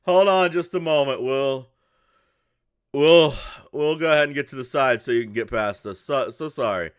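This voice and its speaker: A man's voice: medium pitch, normal speed, smooth, no echo, studio quality, voice pushed up, close to an everyday voice. A man voicing a sleepy, apologetic bearded father in a caravan, polite and flustered.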